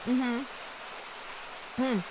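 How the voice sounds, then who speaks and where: A woman's voice: high voice, flat delivery, extremely slow, noisy background. A woman streaming a charity event, chatting casually with her audience, rambling and emotional, close to tears. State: near tears. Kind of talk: casual chat.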